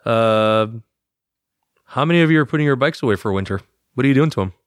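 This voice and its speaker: A man's voice: medium pitch, lively intonation, quick pace, clean tone, no room sound, clean studio sound. A man co-hosting a podcast, chatting casually and joking with his co-host. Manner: joking, teasing, laughs easily.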